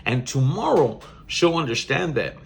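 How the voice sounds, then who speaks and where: A man's voice: medium pitch, big pitch swings, unhurried, vocal fry. A young man with a South Texas accent, hosting a podcast and telling a story in casual, slangy talk with Spanish words mixed in. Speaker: podcast host.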